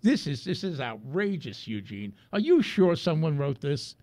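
A man's voice: fairly high pitch, big pitch swings, normal speed, a little mellow. A man co-hosting a comedic radio show, reading out listener questions with mock outrage and frequent laughter.

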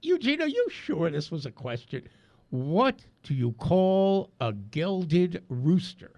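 Lively, gravelly man hosting radio banter. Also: fairly high pitch, takes it slowly, dry recording. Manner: laughs often, reads listener questions in mock outrage. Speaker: radio show co-host.

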